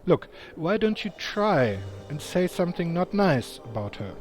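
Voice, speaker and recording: A man voicing a scarred, blunt male hero in a low, dry manner. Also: big pitch swings, a little slow, darkish tone. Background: game music.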